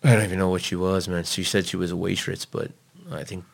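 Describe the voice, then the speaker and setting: A man being interviewed, telling a personal story in a blunt, profane, animated way. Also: low-pitched, fast talker, gravelly, husky.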